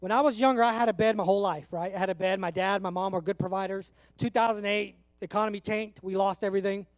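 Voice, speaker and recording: A man in his thirties from California with a very high voice, preaching an earnest, conversational sermon. The sound is close and dry, with no room echo. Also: fairly even intonation, fast talker. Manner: earnest, conversational, emotional at times. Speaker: pastor.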